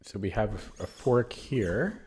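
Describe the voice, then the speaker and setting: A man streaming chess puzzles, thinking aloud with a husky, strained voice, often correcting himself. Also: lowish voice, expressive, a little mellow. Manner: muttering, self-correcting, quick laughs.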